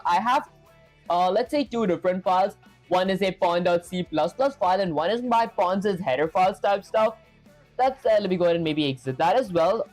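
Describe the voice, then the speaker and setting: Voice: mid-range voice, a little mellow. A live coding streamer giving a casual tutorial while thinking aloud, with plenty of "okay" and "let's go ahead" as they work through each step.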